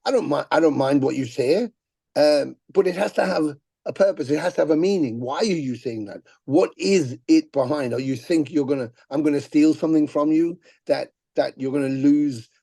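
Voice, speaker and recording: A middle-aged man, a musician guest telling profane, animated stories on a podcast and acting out the people he quotes. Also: on the high side, normal speed, gravelly, husky, dry recording. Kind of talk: casual podcast storytelling.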